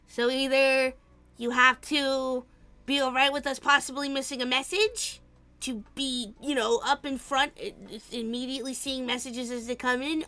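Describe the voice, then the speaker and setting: Her voice sits high and moves a little slowly as she chats through her gaming stream. She's animated and profane, laughing often, with music faintly audible underneath.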